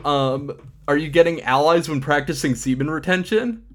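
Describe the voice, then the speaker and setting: A man's voice: on the high side, normal speed, fairly bright tone. A man co-hosting a comedy podcast, reading forum posts aloud and joking, laughing often. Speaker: podcast co-host.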